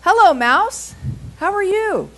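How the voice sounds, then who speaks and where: A woman's voice: very high-pitched, sing-song, slow pace, a bit bright, voice pushed up, heavily acted. A woman voicing a wise male frog who mentors a young mouse, speaking in an encouraging, solemn way. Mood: cheerful.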